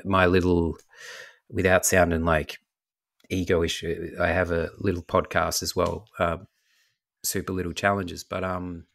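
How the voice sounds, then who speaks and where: A young man raised in Australia telling relaxed anecdotes as a podcast guest. His voice is low and gravelly, with plenty of fry, and he laughs easily. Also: unhurried. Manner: laid-back anecdotal, laughs along. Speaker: actor and interview guest. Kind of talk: casual interview storytelling.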